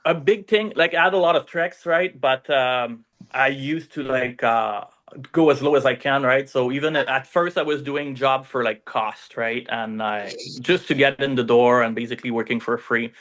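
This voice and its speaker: At a normal speed and in a fairly bright, medium-pitched voice, a man with a French accent shares his story on a podcast. A native French speaker, he rambles through the casual interview, leaning on fillers and tag questions.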